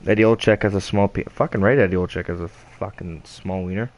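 A young man commentating his own gameplay live, profane and excitable, yelling at the game. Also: low voice, a little fast.

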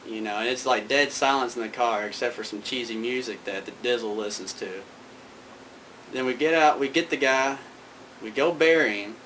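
A man's voice: medium pitch, fairly bright tone, slight background noise, rough recording. A man telling a casual, rambling anecdote, full of fillers and restarts. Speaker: storyteller.

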